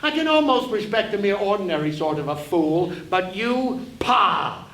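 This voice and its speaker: A man's voice: sits high, big pitch swings, moderate pace, fairly bright tone, heavily acted. A man on stage playing a taunting, gleeful male conscience spirit in a one-man play, recorded from a distance in a roomy hall. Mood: mocking. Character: mocking impish male conscience, a dwarf-sized spirit. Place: theater stage before an audience. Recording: roomy hall, distant mic, faint hiss.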